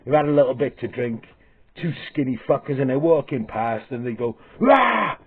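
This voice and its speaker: A man's voice: medium pitch, fairly even intonation, brisk, husky. A man ranting to camera in a vlog, swearing heavily and stumbling over restarts with repeated "okay?". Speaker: vlogger. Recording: tinny phone-like audio.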